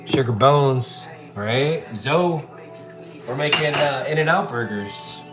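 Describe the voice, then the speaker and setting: A man's voice: medium pitch, takes it slowly, over loud music. A man livestreaming as he cooks, chatting casually and answering viewer comments, calling people bro and dude. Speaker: chef livestreaming while cooking. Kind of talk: casual live-stream chat while cooking.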